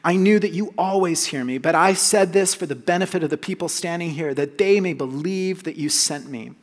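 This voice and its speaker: A man preaching a sermon, earnest and emphatic, dropping soft on key phrases. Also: fairly high pitch, fairly quick, in a large hall. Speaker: pastor.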